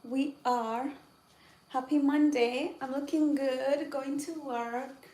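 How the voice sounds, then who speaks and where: A woman's voice: high voice, steady tone, takes it slowly, a little mellow, reverberant, low-quality recording. A woman vlogger in a casual, playful chat, repeating her phrases as she talks at home in the kitchen.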